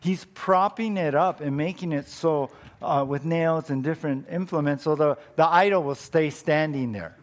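A man's voice: on the high side, normal speed, few pauses. A middle-aged man preaching a sermon as pastor, earnest and emphatic, repeating his key phrases for weight.

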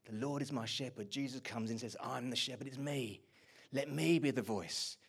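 A man's voice: mid-range voice, moderate pace, creaky, slightly rough. Man preaching with big dynamic swings. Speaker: pastor. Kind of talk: sermon.

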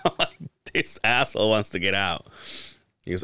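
A man's voice: medium pitch, moderate pace, smooth. A man on a podcast telling a story in casual chat, swearing freely and acting out what people said. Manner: animated, profane, acts out quotes. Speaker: podcast host.

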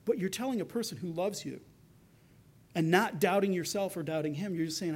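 High-voiced pastor preaching. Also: male voice, a little fast, slightly rough. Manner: earnest, acts out quoted voices, drops soft for tender lines. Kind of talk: sermon.

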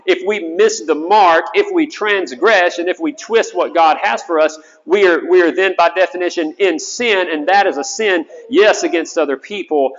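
A man, a chaplain, preaching an earnest sermon, often repeating words as he goes. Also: a little high. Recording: dull sound with long hall reverb.

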